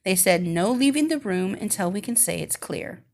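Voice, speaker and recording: A woman's voice: medium pitch, expressive, normal speed, vocal fry, a little mellow. A woman reading a story and voicing an adult woman in the hospital who jokes and teases her friends. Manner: wry, teasing, coughing.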